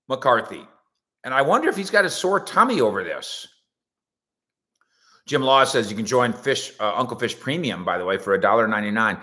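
A man hosting a casual sports talk show in a bright, forceful voice. His pitch swoops up and down a lot as he rambles through jokey stories. He keeps breaking off into playful asides. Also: big pitch swings, normal speed, pauses often. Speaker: sports radio and web show host. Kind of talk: casual comedic monologue. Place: indoors at home.

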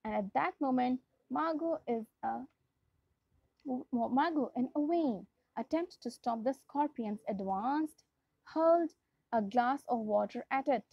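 High-voiced Pakistani woman reading aloud. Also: a little slow, vocal fry, husky, no echo. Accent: Pakistani English. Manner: expressive read-aloud, often restarts phrases. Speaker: English teacher. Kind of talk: reading a storybook aloud in class. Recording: dull lo-fi dry recording.

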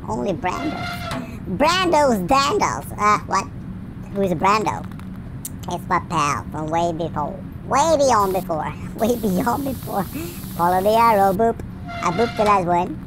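A cheeky baby hedgehog, high-pitched and bouncing wildly up and down as he plays through a game, voiced by a man. His voice is gravelly at the edges and comes through a noisy recording. He teases, boasts and chants goofy nonsense rhymes. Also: heavily acted. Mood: playful. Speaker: game player. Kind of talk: playful gameplay commentary in character.

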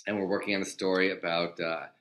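Older male guest, low register, animated anecdotal delivery with acted-out quotes and casual swearing. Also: fast talker, a little hiss or hum. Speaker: guest, TV comedy writer. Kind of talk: casual storytelling interview.

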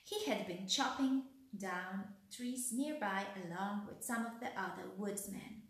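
A woman reading a bedtime story aloud as storyteller, gently. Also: mid-range voice, measured pace. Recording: very echoey room.

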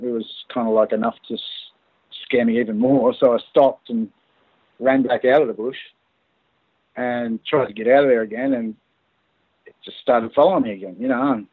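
A man's voice: mid-range voice, husky, no room sound. A man with an Australian accent, a podcast guest telling his story in a casual, hesitant way with many fillers and restarts. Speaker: guest recounting an encounter. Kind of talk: casual phone interview storytelling. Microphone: phone call. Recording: tinny phone line, dry.

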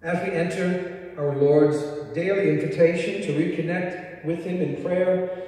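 A middle-aged man preaching a sermon as a parish priest, slow and gentle, now and then putting on playful voices in his stories. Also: high voice, steady tone. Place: large church. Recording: echoey church from a distance.

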